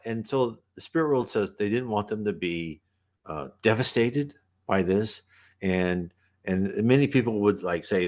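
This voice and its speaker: A man talking casually and at length, explaining a spiritist book in a loose, conversational way. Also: fairly low pitch. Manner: rambling and conversational.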